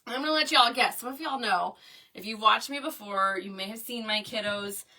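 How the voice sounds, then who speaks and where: Woman, 30s, craft host; bright, higher voice, mic at a distance. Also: normal speed. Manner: chatty, addresses viewers as y'all, frequent "okay?". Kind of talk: chatty storytelling while crafting. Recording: voice a bit far from the mic.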